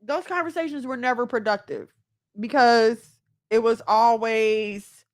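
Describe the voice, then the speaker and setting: A woman's voice: fairly high pitch, unhurried. A woman giving heartfelt self-help advice as a mother, speaking earnestly and acting out the voices she quotes. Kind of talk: candid self-help monologue.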